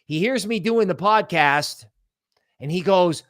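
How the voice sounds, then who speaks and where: A man hosting a crypto livestream, talking in an animated, emphatic way, firing off rhetorical questions and tagging lines with "right?". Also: high-pitched. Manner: rapid-fire rhetorical questions. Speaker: crypto channel host. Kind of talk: livestream commentary.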